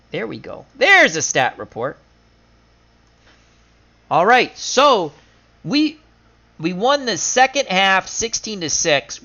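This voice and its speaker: A man's voice: fairly high pitch, vocal fry, pushed and bright. Chatty man recapping a game. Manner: chatty, recaps stats in quick lists, laughs at his own losses. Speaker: game streamer. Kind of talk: casual stream commentary. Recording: dull lo-fi sound.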